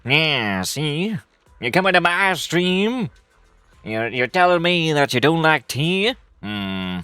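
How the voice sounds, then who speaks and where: A woman putting on a gruff mafia boss. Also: sits low, sing-song, a bit bright, dry recording, soft background music, voice pushed down, full character voice. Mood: threatening. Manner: threatening, drawn-out tough-guy talk with a Texan twang. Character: menacing male mafia gangster boss. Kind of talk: playful voice bit on a livestream.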